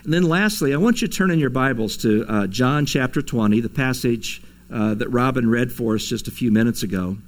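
Pastor preaching a conversational sermon. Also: male voice, medium pitch, a little fast. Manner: conversational preaching with chuckles and dramatic quoted voices. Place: church sanctuary.

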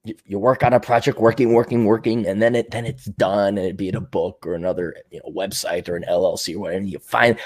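A man's voice: fairly low pitch, fairly even intonation, fast, darkish tone. A man hosting his show, talking in a casual, digressive monologue, laughing often and swearing freely. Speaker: show host.

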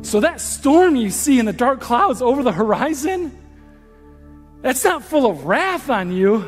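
Male pastor preaching, pretty high voice, soft music underneath. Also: big pitch swings, a little slow, long reverb tail. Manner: impassioned preaching that drops to a hushed prayer. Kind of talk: sermon.

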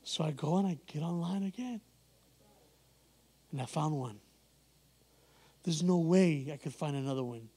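A man preaching in an animated way, his voice sitting high for a man. He acts out the people in his story and breaks into laughs as he goes. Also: measured pace, long pauses, slightly rough. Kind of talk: sermon storytelling.

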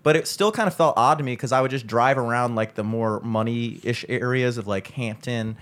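A man's voice: medium pitch, normal speed, a bit bright. Laid-back young man swapping stories. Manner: laid-back storyteller, swears, laughs a lot. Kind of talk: casual podcast chat.

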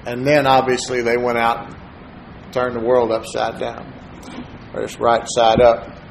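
A man delivers a sermon as a string of personal stories. His pitch sits in an ordinary middle range and he often drops to a hushed, soft-spoken aside. A faint room ambience hums quietly underneath. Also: completely flat delivery, a little slow, creaky, noisy background. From Texas, USA. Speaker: preacher.

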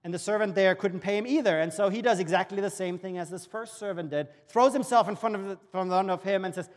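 A man's voice: high voice, fairly quick. A man from Germany preaching a sermon in a church, telling a parable earnestly and acting out its dialogue. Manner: storytelling with acted-out dialogue, earnest. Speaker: pastor. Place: church auditorium. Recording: long reverb of a church hall.

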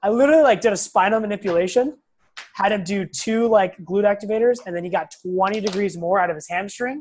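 A man's voice: high voice, fast, slight background noise. A young man, a physical therapist as a podcast guest, talking casually and bluntly, acting out quotes and swearing now and then. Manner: blunt, animated storyteller who acts out quotes and swears.

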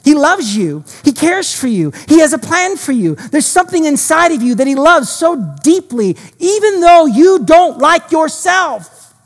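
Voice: sits high, big pitch swings. Pastor preaching, fired up, lots of restarts, long hall echo. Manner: impassioned storytelling, quick bursts and restarts. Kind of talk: sermon.

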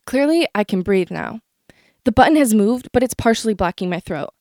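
A woman's voice: mid-range voice, darkish tone, no echo, clean studio sound. A woman telling a personal story from her childhood in a vivid, dramatic way.

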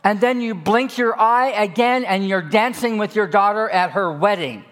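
A man's voice: high-pitched, moderate pace, fairly bright tone. A man in his sixties preaching a sermon with personal stories, folksy and joking with emphatic delivery.

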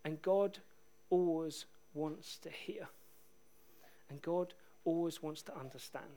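Man, middle-aged, pastor giving a sermon; high voice, animated delivery that dips into near-whispers. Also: slow. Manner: animated, swings from shouting to hushed.

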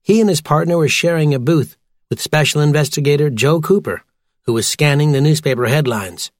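A man narrates a children's audiobook in a lively, expressive way. His voice sits a bit high. The recording is close and dry, like a studio booth. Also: a little fast, dry recording. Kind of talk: scripted narration.

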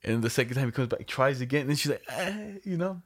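A young man telling a party story to a friend in casual chat, animated and jumping high in pitch when he quotes people. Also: racing. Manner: animated storytelling, voices others with big pitch jumps.

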